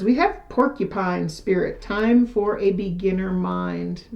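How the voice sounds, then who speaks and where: A woman doing a casual tarot reading, chatty and self-deprecating, her voice still a little hoarse after losing it. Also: fairly low pitch, darkish tone, reverberant. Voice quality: slightly hoarse, recovering from lost voice. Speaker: tarot reader. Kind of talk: casual tarot reading, reading card texts aloud.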